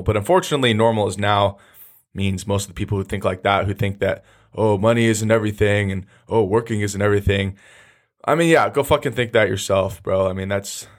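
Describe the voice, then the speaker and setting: A young man hosting a casual podcast monologue, blunt and profane, talking loosely with many restarts. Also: fairly low pitch. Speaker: podcast host.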